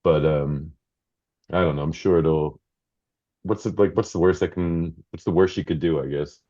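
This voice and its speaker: A man's voice: rumbling low, normal speed, warm tone, highs cut off. A man co-hosting a podcast, reacting in a laid-back, hesitant way in casual chat. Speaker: podcast co-host.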